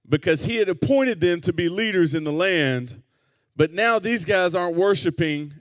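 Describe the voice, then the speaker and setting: A man, a youth pastor, teaching a Bible story to teenagers in a relaxed, conversational way and getting them to repeat words back. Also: on the high side, dry recording. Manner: casual, leads call-and-response with the group. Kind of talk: youth group Bible lesson.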